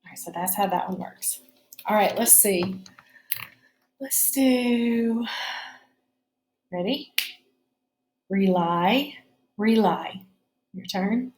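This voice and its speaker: A woman's voice: medium pitch, extremely slow, long pauses, darkish tone, echoey room, a little hiss or hum. A woman teaching a phonics spelling lesson, explaining each step patiently.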